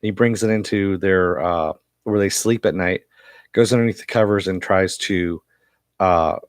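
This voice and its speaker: A man recaps a TV episode in a casual, rambling way, with a fairly low voice. He has a cough that keeps breaking through, and the sound is dry and close. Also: unhurried, no room sound. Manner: rambling with many fillers. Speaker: TV episode reviewer.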